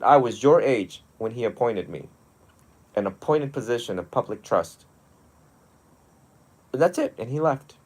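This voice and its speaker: A young adult man, a monastic teacher, talking one on one in a lively storytelling way with frequent laughs. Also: medium pitch. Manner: animated storytelling, often laughing. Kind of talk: one-on-one mentoring talk.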